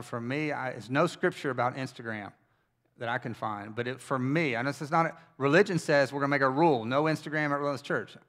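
A man's voice: mid-range voice, a bit bright. A man who is a pastor, preaching a sermon in a conversational, storytelling way with wry asides to his church. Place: church service.

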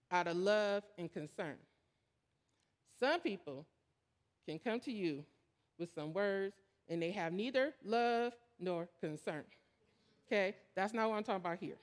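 A woman's voice: mid-range voice, expressive, takes it slowly, pauses often. A woman preacher giving a sermon in a candid, storytelling way, building to emphatic points. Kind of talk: conversational sermon.

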